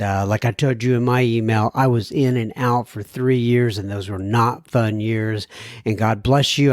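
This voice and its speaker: A man's voice: on the low side, a little mellow, no echo, clean studio sound. A man hosting a podcast, reading listener emails aloud and replying to them earnestly and gratefully. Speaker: podcast host.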